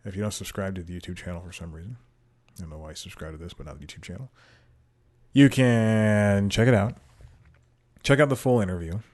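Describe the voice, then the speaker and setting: A man with a lowish voice rambles through a casual solo podcast intro, cracking self-deprecating jokes and laughing at himself. He talks into a desk microphone at home. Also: rapid-fire, husky. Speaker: podcast host. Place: home room with TV playing.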